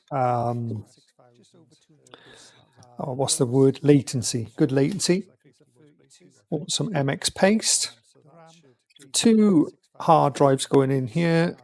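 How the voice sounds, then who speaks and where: A man's voice: medium pitch, gravelly, a little mellow. A British man streaming live from home, chatting casually and rambling as he shows off parts for a new computer. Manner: rambling, self-correcting, chatty. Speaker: streamer building a PC.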